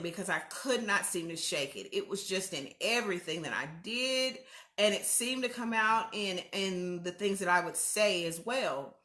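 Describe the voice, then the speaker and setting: A woman's voice: medium pitch, sharp tone, roomy sound. A woman hosting a casual livestream, candid and chatty, speaking straight to her viewers. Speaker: host.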